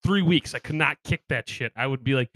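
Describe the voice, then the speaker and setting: A man's voice: mid-range voice, bright, forceful tone, no room sound, rough recording. A man with a New York accent co-hosting a podcast, chatting casually, laughing often and swearing freely. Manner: laughs often, swears, quick comic impressions. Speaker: podcast co-host. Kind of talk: casual banter.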